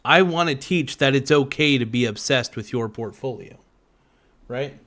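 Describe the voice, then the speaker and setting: A man's voice: medium pitch, moderate pace, fairly bright tone. A man hosting a livestream podcast, chatting casually and profanely while he eats and reads out his live chat. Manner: rambling and profane, with many fillers.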